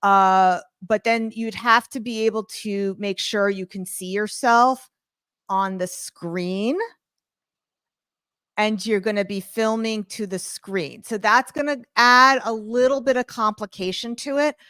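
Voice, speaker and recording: A woman's voice: medium pitch, steady tone, a little slow, a bit bright, clear, resonant tone, no room sound. Woman running an online class, chatty and joking, dry close mic in a home office. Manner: chatty, informal, jokey asides. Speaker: online art course instructor. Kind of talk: live online class demonstration. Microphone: studio microphone.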